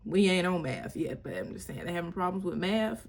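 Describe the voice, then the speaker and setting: A woman's voice: lowish voice, animated, a little fast, creaky, a little mellow. A young mother, chatting candidly and wryly about parenting in a casual vlog. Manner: candid, wry, slangy, breaks into playful voices. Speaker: mother sharing parenting tips. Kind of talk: casual chat.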